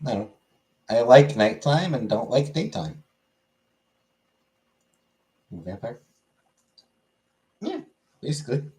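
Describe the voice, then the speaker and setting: A man answering casual questions in a podcast chat with dry, deadpan humor. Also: medium pitch, moderate pace.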